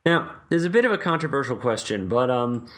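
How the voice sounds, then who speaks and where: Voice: mid-range voice, expressive, brisk, a bit bright. An interviewer asking questions and giving short reactions in a casual chat.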